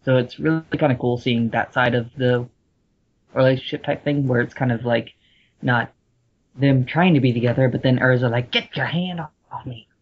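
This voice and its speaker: A man's voice: mid-range voice, little pitch movement, normal speed. Rambling man on a lo-fi podcast. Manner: rambling, many fillers. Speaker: podcast panelist. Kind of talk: casual group podcast chat. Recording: dull lo-fi audio.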